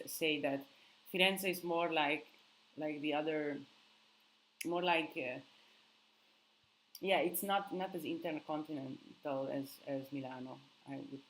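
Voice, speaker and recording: A woman's voice: sits low, a little hiss or hum, low-quality recording. A sleep-deprived young woman hosts a casual live Q&A. She answers viewer questions, thinking aloud and hunting for words.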